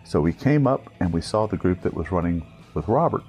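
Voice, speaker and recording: A man telling a funny scouting story, animated and chuckling, acting out other people in high-pitched voices. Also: brisk, soft background music. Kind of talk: storytelling anecdote.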